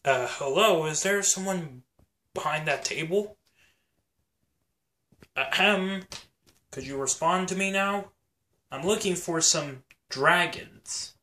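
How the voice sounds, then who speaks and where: A man's voice: fairly high pitch, takes it slowly, pauses often, slight background noise. A man voicing a brave, curious dinosaur in a homemade toy adventure, jumpy and talking to himself. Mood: questioning. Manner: jumpy, talks to himself, shouts when startled.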